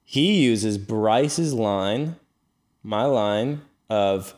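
A man's voice: on the low side, expressive, extremely slow, darkish tone. A man in his twenties co-hosting a casual podcast, reading chat messages aloud with a teasing, laughing manner. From United States. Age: 20s. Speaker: podcast co-host.

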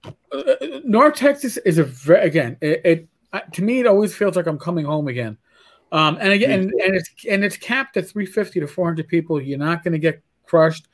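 A man from New York hosting a casual podcast chat, stumbling through restarts as he tells animated stories. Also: sits high, fairly quick. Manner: stammering restarts, animated storytelling. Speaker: podcast host.

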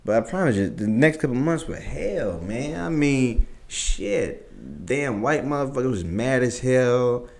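A man's voice: lively intonation, a little slow, hardly any pauses. A man guest in an interview, telling a story in casual, profane speech and acting out the things people said to him. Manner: profane, swears constantly; acts out quoted exchanges, jumping higher and louder.

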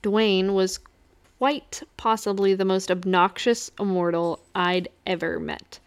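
A woman narrating a first-person urban fantasy novel with a wry, lightly amused touch. Her mid-range voice is smooth and clear, and she reads at an even, natural pace. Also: medium pitch, takes it slowly. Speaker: audiobook reader.

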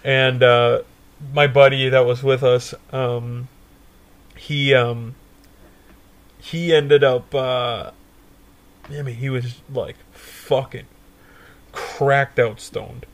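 A young man co-hosting a podcast, telling a stoner story in a profane, animated way and laughing often. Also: mid-range voice, extremely slow, pauses often. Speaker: podcast co-host. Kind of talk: casual storytelling chat.

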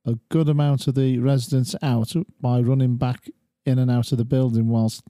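A man on a chat panel, telling a story calmly and in a measured way. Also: medium pitch, no room sound, studio quality. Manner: calm, measured, with fillers. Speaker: regular panelist. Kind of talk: casual chat.

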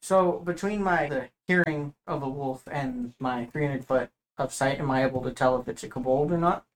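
A player in a tabletop game, talking quickly and eagerly with a joking edge. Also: medium pitch. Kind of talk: casual tabletop game play.

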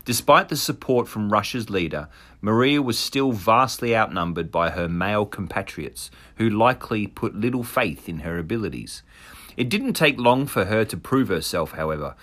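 Low-voiced man reading a story aloud. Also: animated, normal speed, a bit bright. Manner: reads narration with laughs and asides. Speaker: podcast host. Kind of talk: casual chat reading out a story.

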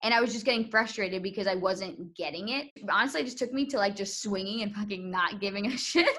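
A woman's voice: mid-range voice, fast. Chatty young woman telling a story. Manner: animated storytelling, laughing often, acts out quotes. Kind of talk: casual chat.

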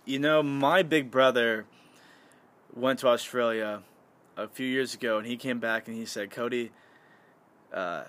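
A young man from the United States telling a story in casual podcast talk. He swears a lot and fills his speech with "like" and "dude.". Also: medium pitch. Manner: animated, swears freely, many fillers like "like" and "dude". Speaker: podcast guest.

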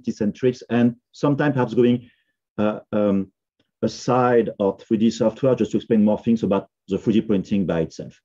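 French-accented male podcast guest, husky, halting, slightly dull recording. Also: on the low side, dark tone. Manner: hesitant, many fillers and restarts. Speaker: software company founder, podcast guest. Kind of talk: casual podcast conversation.

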